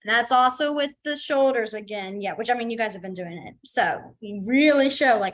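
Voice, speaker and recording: A woman's voice: fairly high pitch, normal speed, hardly any pauses, poor audio. A young adult woman teaching a beginner sign language class in a casual, chatty way, full of fillers and acted-out asides. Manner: chatty, filler-heavy, acts out feelings in quoted asides. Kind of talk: casual online class instruction.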